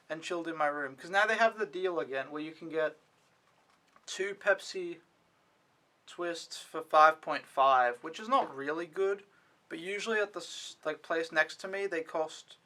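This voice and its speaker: A fairly high-pitched young man with a pushed, bright voice recaps his week working as an au pair in a casual vlog. The talk rambles, full of "like" and frequent swearing.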